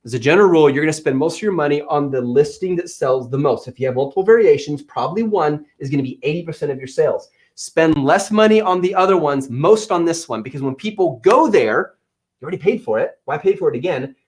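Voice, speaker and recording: A man in his thirties hosting a live-stream Q&A from an office, answering chat questions on selling with energetic, playful teasing. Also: a little high, quick pace. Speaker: livestream host and Amazon seller coach.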